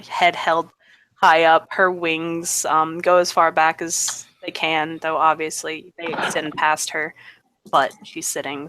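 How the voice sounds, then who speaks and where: A woman's voice: low voice, a bit bright, slight background noise. A woman playing a tabletop role-playing game, describing her character in a chatty, rambling way with many fillers. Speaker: player. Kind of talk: casual tabletop role-play narration.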